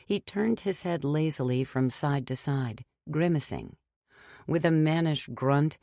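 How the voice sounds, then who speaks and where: A woman narrating a horror audiobook in a steady, measured reading. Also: sits low, no echo, studio quality.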